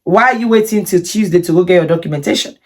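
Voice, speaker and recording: Animated, low-voiced woman telling a story. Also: fast talker. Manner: animated, indignant retelling with many repetitions. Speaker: vlogger. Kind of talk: storytime vlog.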